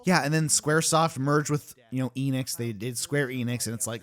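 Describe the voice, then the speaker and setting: A man's voice: mid-range voice, fairly quick, a bit bright. A man hosting a casual commentary track, ranting with lots of swearing and fillers. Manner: ranting, profane, rambling with many fillers. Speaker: YouTube host. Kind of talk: casual behind-the-scenes commentary.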